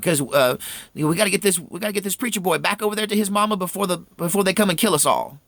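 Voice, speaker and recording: A man's voice: fairly low pitch, fairly even intonation, no room sound. A man voicing a frantic, frightened middle-aged mother who wails and repeats herself in panic. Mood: panicked. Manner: wailing, pleading, rapid repetition.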